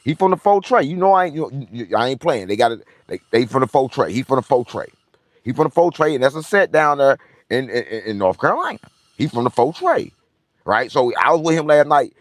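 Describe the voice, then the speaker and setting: A man hosts his own show and tells a story in a loose, rambling rant. He swears constantly, circles back to the same phrases, and brags as he goes. His pitch swings up and down a lot, and his voice sounds close and dry. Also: very animated, brisk, no echo. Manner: profane, repetitive, boastful. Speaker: show host.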